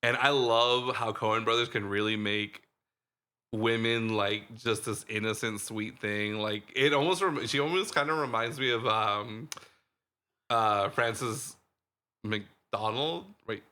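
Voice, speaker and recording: Slow and forceful, a male podcast co-host speaks in a bright, fairly low voice. His casual movie-review chat wanders, full of fillers such as "like" and "dude."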